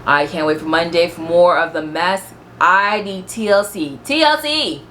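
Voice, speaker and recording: Low-voiced sassy woman vlogger. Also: fairly even intonation, normal speed, fairly bright tone, slight background noise. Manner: blunt, profane, sassy commentary. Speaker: vlogger reviewing a reality show. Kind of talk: casual TV recap.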